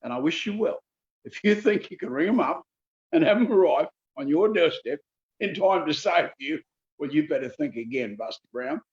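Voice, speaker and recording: A man in his seventies with a Queensland Australian accent, answering interview questions in a folksy, emphatic way and repeating figures slowly for effect. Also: on the high side, expressive, dull audio. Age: 70s. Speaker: politician guest.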